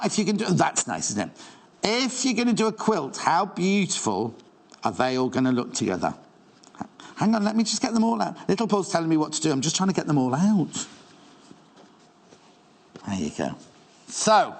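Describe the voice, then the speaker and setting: A man presenting fabrics on a shopping channel, gushing and rambling with playful asides to the crew. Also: high-pitched. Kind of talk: chatty live selling of sewing fabrics.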